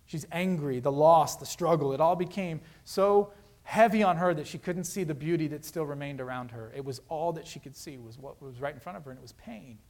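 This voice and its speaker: A man preaches a sermon fairly quickly in his role as pastor, earnest and conversational throughout. His voice swings between forceful loud points and hushed, quiet stretches.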